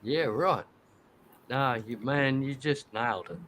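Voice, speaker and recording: A man's voice: medium pitch, unhurried, a crowd in the background. A laid-back man hosting a casual music session, chatting and heaping enthusiastic praise on a friend. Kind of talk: casual chat.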